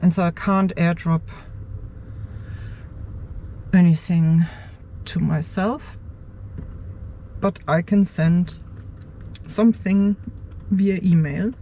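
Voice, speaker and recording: A woman's voice: lowish voice, fairly even intonation, slow pace, pauses often, warm tone, a little hiss or hum. A woman vlogger in her car's driver's seat, thinking aloud as she works. She mutters to herself, hesitates and repeats words. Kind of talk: thinking aloud while working on a computer.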